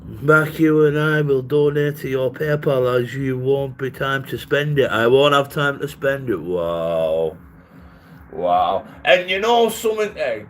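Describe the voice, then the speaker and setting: A man's voice: medium pitch, lively intonation, a little slow, a little hiss or hum, poor audio. A man ranting on a casual livestream, rambling, mocking and swearing, often breaking into laughter.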